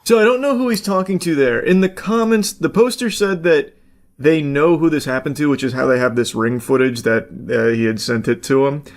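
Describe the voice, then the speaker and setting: A man's voice: a little high, a little fast. A man giving casual, rambling commentary as he reacts to a video clip. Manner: rambling, self-correcting narration.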